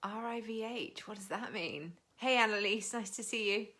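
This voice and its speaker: Bright-voiced chatty British woman. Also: mid-range voice, normal speed. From Britain. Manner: chatty and frank, swears freely, greets viewers by name. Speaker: live stream host. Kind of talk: casual live stream chat.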